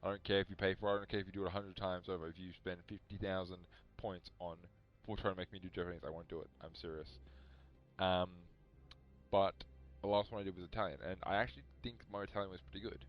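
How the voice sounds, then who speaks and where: A man's voice: low-pitched, fairly even intonation, quick pace, highs cut off, faint music behind. A man chatting casually while streaming a video game, rambling and poking fun at himself. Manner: rambling, self-mocking, chatty. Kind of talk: casual live-stream chat.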